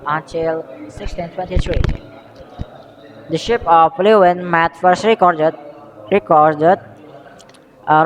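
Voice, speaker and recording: A young man with an Indonesian accent presents a school history project, speaking slowly and haltingly and often restarting his phrases. His voice sits a little high for a man, with a long reverb trailing behind it. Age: young adult. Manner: halting, self-correcting, reads haltingly from notes. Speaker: student presenter.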